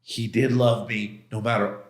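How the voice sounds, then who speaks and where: A man's voice: lowish voice, level tone, measured pace. A man being interviewed as a podcast guest, telling a personal story in a casual, slangy, emphatic way and acting out his own past outbursts. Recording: roomy echo.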